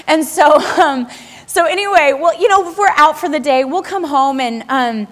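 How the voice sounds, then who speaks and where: Woman preacher, high voice, animated and laughing, sermon, long hall reverb. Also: normal speed. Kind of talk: sermon to a live congregation.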